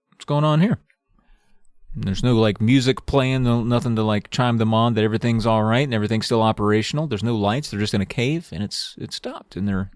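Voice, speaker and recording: A man co-hosting a casual podcast, retelling a book's plot with animated, chatty storytelling and a few curses. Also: medium pitch, no echo, studio quality. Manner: animated storytelling, swearing, tangents. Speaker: podcast co-host. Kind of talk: casual book recap chat. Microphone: studio mic, livestream.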